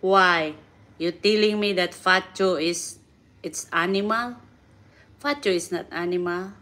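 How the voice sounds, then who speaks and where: Woman livestream host, slow speech, low-ish voice, laughs a lot. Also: bright, forceful tone. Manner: chatty, laughs often, repeats words, non-native grammar. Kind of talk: casual livestream chat.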